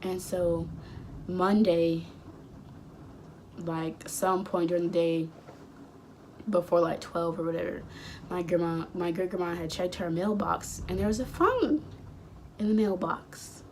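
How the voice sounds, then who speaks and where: A young woman in her late teens chatting casually, rambling through a storytime and acting out the dialogue with sudden high outbursts. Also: a little slow, long pauses, darkish tone, a little hiss or hum. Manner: acts out quoted dialogue. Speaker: vlogger.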